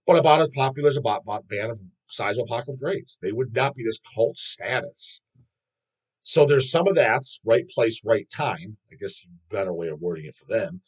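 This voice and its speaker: A man's voice: fairly low pitch, animated, normal speed, breathy edge, rough recording. A man hosting his own metal music channel, ranting casually and bluntly to camera, swearing constantly and speaking with strong opinions.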